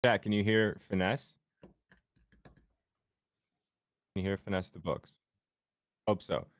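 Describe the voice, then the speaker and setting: A man with a very low voice, hosting a livestream in loose, rambling chat. The sound is dry and close, with no room around it. He jokes easily with his co-host and the chat. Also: steady tone, slow pace, no echo. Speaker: host of a sports betting stream.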